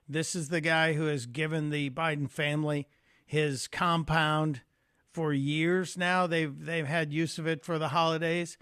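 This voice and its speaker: A man's voice: fairly high pitch, flat delivery, unhurried, a bit bright, smooth, no room sound, studio quality. A man guest-hosting a radio call-in show, talking in a conversational, folksy way with frequent fillers. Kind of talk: talk radio monologue and call-in.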